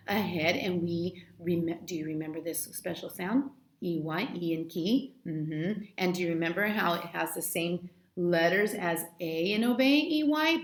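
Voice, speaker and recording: A woman's voice: sits high, fairly bright tone, echoey room. A woman teaching young children phonics in a recorded lesson, encouraging and drawing out each sound. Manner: encouraging, sing-song, drawn-out sounds. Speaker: kindergarten teacher.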